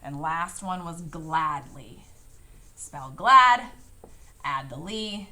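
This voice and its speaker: A woman teacher giving a phonics lesson, with clear, patient instructions and frequent check-ins. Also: low-pitched, lively intonation, very slow, pauses often, pushed and bright. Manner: clear, patient classroom instructions with lots of okays.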